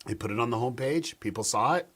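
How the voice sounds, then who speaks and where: A man's voice: mid-range voice, fast. A man, a YouTube strategist, talking as a guest on a live stream over a video call, telling stories with lots of fillers and restarts. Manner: animated storyteller, many fillers and restarts.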